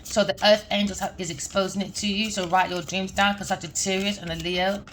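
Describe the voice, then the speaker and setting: A woman's voice: mid-range voice, little pitch movement, brisk, fairly bright tone, a little hiss or hum. A woman giving a spoken tarot reading to her viewers in a rambling, repetitive flow, often checking in with "okay?" or "all right?". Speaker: tarot reader.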